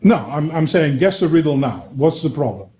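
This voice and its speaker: Lecturing man, slightly high voice. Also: expressive, normal speed, a crowd in the background. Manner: frequent "okay?" and "right?" checks, many filler uhs. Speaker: university lecturer. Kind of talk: classroom lecture.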